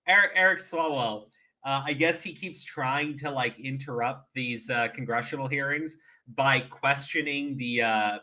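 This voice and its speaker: A man's voice: fairly high pitch, bright, forceful tone. A man giving casual, profane reaction commentary, often laughing and restarting his sentences. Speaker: commentary streamer.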